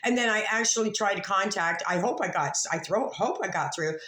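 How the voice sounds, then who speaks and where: A woman's voice: mid-range voice, fairly quick, fairly bright tone. A woman giving casual, rambling online commentary, swearing freely and restarting her sentences. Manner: profane, rambling, with frequent restarts. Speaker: YouTube commentator. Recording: echoey room.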